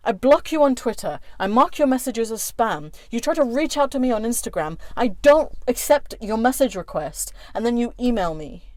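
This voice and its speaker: A woman's voice: a little high, expressive, normal speed, hardly any pauses, darkish tone, dry recording. A woman YouTuber who rants with fury, swearing hard and stressing each word. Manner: furious, profane, emphatic. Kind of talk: angry rant vlog. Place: indoors, a warm room.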